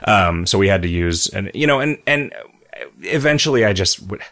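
Male podcast host, low voice, loose rambling delivery, reads listener questions aloud. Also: expressive, moderate pace, bright, forceful tone. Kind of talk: casual podcast chat.

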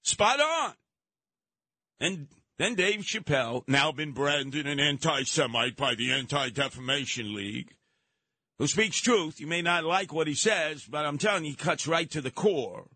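A man's voice: on the high side, expressive, a little slow, pushed and bright, no room sound. A man hosting talk radio, giving an emphatic, mocking, opinionated monologue. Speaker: radio talk show host.

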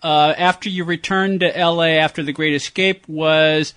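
A man's voice: on the high side, fairly even intonation, moderate pace, fairly bright tone, clean tone. A man hosting an interview, asking careful questions with many hesitations. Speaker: podcast host, interviewer.

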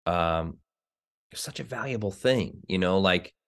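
A man with a fairly low voice, chatting as an interview guest from New Jersey. He tells his backstage stories with energy and slips into other people's voices as he quotes them. He sounds like a middle-aged Broadway actor at ease. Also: unhurried. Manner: animated storytelling, acts out quoted voices. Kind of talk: conversational interview.

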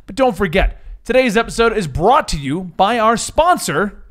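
A man hosting a casual comics podcast, talking in a lively, joking, enthusiastic way. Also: sits high, normal speed. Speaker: podcast host.

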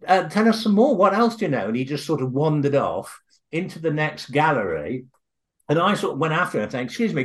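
An older man, a guest author telling a story in an interview, halting at times with restarts, then eager and animated. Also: fairly high pitch.

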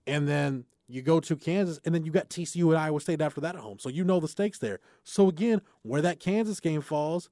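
A man co-hosting a casual sports talk show as a reporter, measured and orderly, dropping low and quiet when he makes his case. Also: no room sound, clean studio sound.

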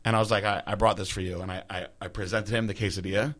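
A man's voice: fairly low pitch, flat delivery, fast, fairly bright tone. A man telling a long story in casual chat, rambling and profane, laughing at himself. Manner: rambling, profane, self-deprecating.

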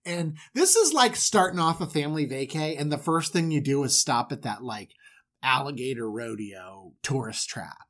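A podcast co-host from Florida retelling a Bible story as a joke, casual and quick to laugh. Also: mid-range voice. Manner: animated, jokey, quick to laugh.

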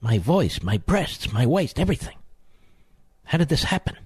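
A man's voice: a little high, sing-song, slightly rough, no room sound, clean studio sound, full character voice. A man mockingly imitating a vain, pompous man with a sneering parody voice. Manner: sneering parody, drawn-out mock boasting. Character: pompous vain man mocked, mid-aged male.

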